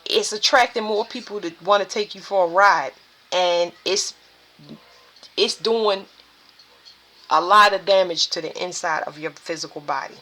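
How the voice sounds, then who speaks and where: A woman's voice: mid-range voice, sharp tone. A woman doing a tarot reading, talking to viewers in an emphatic, preachy way. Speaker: spiritual tarot reader.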